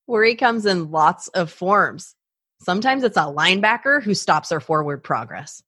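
A woman's voice: fairly low pitch, fairly bright tone, no room sound, clean studio sound. A woman hosting a personal podcast, talking animatedly and acting out her own anxious inner thoughts. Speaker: podcast host.

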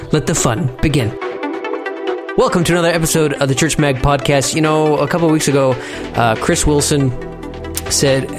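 Joking man hosting a podcast. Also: fairly high pitch. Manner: joking, teasing. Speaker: podcast host. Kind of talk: casual podcast banter.

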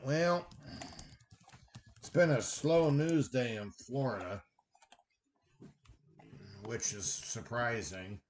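A man's voice: mid-range voice, slow, long pauses, slight background noise. A middle-aged man hosting a casual chat, joking crudely and reading out news headlines. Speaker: podcast host.

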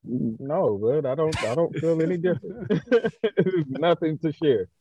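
A man's voice: a little high, animated, measured pace, mellow, slight background noise. A man co-hosting a podcast, giving brief laid-back answers in casual chat. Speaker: podcast co-host. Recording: dull lo-fi sound.

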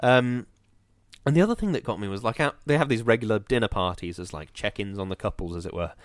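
A man chatting casually as a podcast co-host, telling an animated story full of ums and restarts. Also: fairly low pitch, fast, no echo, clean studio sound. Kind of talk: casual chat. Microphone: on camera, close mic.

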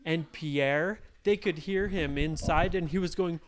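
Woman in her thirties, parent telling a bedtime story; slow, expressive, playful. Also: low voice. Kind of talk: made-up bedtime story to children.

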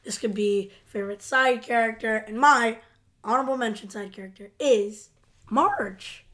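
Woman co-host, casual chat, affectionate and gushing, slightly high pitch. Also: moderate pace, fairly bright tone. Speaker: podcast co-host.

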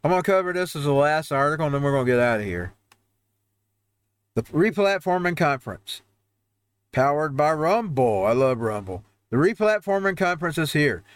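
A man's voice: on the high side, lively intonation, moderate pace, smooth, no room sound. Heated rambling male commentary host. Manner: heated, rambling, restarts often. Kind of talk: ranting commentary over headlines. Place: home newsroom studio.

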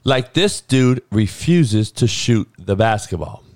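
A man hosting a podcast, delivering a blunt, heated, profanity-laced sports rant that climbs into yelling. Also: lowish voice, animated, slow pace, no echo, studio quality. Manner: blunt, heated, swearing, rising to a yell. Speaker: podcast host.

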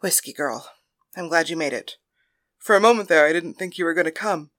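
A woman doing a calm, commanding leader. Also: low voice, a little fast. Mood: measured.

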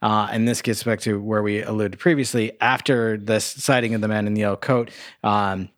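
A man's voice: on the low side, steady tone, dry recording, studio quality. A man co-hosting a podcast, casually reviewing a movie, recapping the plot with lots of "like" and restarts. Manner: halting, many fillers and restarts while recapping. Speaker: podcast co-host.

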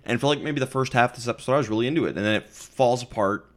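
Male podcast host; quick, frank and casual. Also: mid-range voice.

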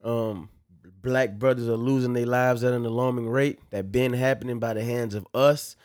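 A man's voice: mid-range voice, fairly even intonation, moderate pace, a little mellow, dry recording, studio quality. A man with a Louisiana accent hosting a casual podcast, joking and slangy. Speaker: podcast host.

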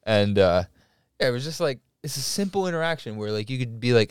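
A man's voice: medium pitch, animated, a little fast, clear, resonant tone, no echo, studio quality. A man in casual chat, telling a story with heavy swearing and acting out the people in it. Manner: profane storyteller acting out quotes.

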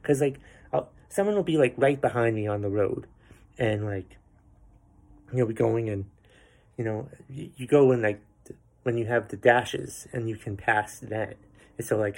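Profane ranting male podcast host. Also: medium pitch. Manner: profane, exasperated ranting with sarcastic asides. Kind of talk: ranting commentary.

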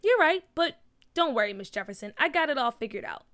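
Woman reader doing a plucky schoolgirl rallying her neighborhood; keep it high and bright. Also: very animated, fairly quick. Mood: cheerful. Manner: eager, determined. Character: spirited young schoolgirl activist. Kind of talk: storybook read-aloud.

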